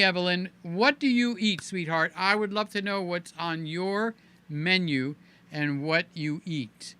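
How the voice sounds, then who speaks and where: Playful bright-voiced man hosting a livestream. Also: sits high, clean tone. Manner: playful, chatty, talks to viewers by name. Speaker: livestream host. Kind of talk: casual livestream chat.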